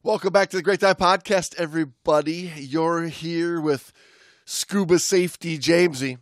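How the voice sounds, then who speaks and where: A man's voice: on the high side, moderate pace, dry recording. Joking male podcast co-host, dry sound. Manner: joking, teasing banter. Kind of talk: casual chat.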